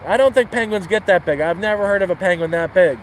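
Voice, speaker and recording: A man's voice: high-pitched, quick pace, a little hiss or hum, lightly acted, low-quality recording. A man voicing a patient bartender who answers odd questions. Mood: patient, puzzled.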